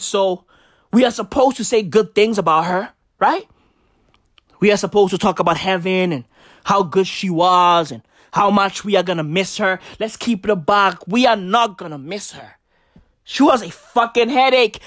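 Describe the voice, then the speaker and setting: A man doing stand-up storytelling, loud and profane, full of slang and repeated punchlines, often shouting. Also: very high-pitched, dry recording, clean studio sound. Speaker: stand-up comedian.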